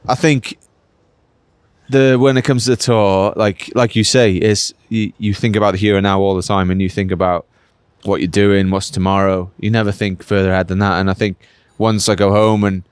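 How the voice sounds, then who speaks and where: Welsh man, smooth low voice. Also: little pitch movement, normal speed, no echo. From Wales. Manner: chatty, rambling, heavy use of "like" and "mate". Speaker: professional cyclist, interview guest. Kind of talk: casual post-race interview.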